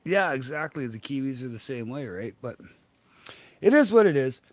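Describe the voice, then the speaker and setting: A man's voice: mid-range voice, big pitch swings, normal speed, no room sound. A Canadian man with a Canadian accent in casual chat, rambling, swearing often and laughing.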